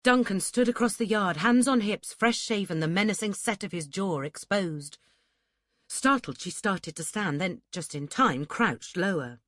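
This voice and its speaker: Reading a historical romance audiobook from a script, a woman keeps her medium-pitched delivery even and measured. The recording is clean studio sound without any room sound.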